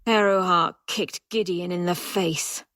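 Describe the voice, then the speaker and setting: A woman with a lowish voice narrates an audiobook in a measured, expressive reading. The sound is clean studio quality with no echo.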